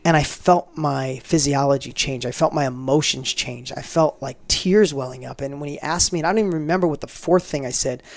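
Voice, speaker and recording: Middle-aged male guest, quick and animated storyteller, fairly high gravelly voice, acts out the dialogue. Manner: animated, acts out quoted dialogue, frequent restarts. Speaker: podcast guest. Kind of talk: casual interview storytelling.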